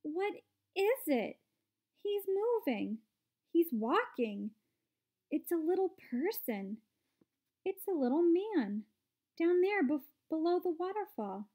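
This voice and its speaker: A woman voicing a spoiled young girl, shrill and frantic. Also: big pitch swings, takes it slowly, pauses often, dark tone, heavily acted.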